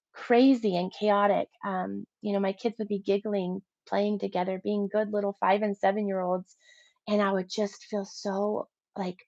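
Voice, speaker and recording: A woman in her thirties, an interview guest giving a personal faith testimony, telling her story in an animated way and acting out her own past thoughts. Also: mid-range voice, no echo. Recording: dull lo-fi dry sound.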